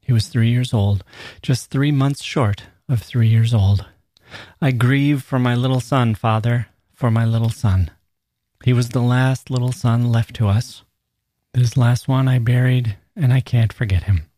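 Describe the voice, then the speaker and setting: A man's voice: mid-range voice, steady tone, unhurried, warm tone, dry recording, clean studio sound, lightly acted. A man reading aloud as a grieving peasant mother, in a plain, slightly raised delivery. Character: grieving peasant mother, middle-aged woman.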